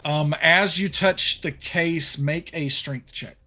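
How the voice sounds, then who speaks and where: A man's voice: on the high side, slow pace, pushed and bright, soft background music. Southern man running a tabletop game. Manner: hesitant, many ums and restarts. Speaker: game master.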